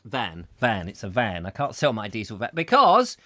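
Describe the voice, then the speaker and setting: Bright, lively man hosting. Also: lowish voice, normal speed, no room sound, clean studio sound. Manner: rambling, playful, self-mocking, breaks into silly voices. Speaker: host. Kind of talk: comic live chat show, reading viewer comments.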